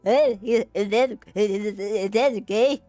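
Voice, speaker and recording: A woman's voice: medium pitch, a little slow, warm tone, no room sound, soft background music, close to an everyday voice. A woman voicing a stammering, nerdy young classmate in a game, her speech hesitant and full of repeated words. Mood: nervous. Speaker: streamer voicing a game character.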